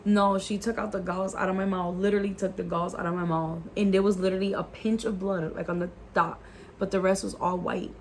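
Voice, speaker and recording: A woman's voice: mid-range voice, flat delivery, fairly quick, darkish tone, slight background noise. A woman telling a personal faith testimony in a casual vlog, earnest and emotional, with many "like" fillers and the odd Spanish phrase. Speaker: YouTuber sharing a faith testimony.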